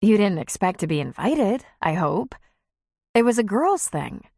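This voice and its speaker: A woman's voice: mid-range voice, big pitch swings, a little slow, creaky, warm tone, slightly rough, dry recording, clean studio sound, exaggerated voice. A woman reading an audiobook, voicing a flustered, apologetic bride-to-be who talks defensively. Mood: anxious. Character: anxious, apologetic young bride-to-be.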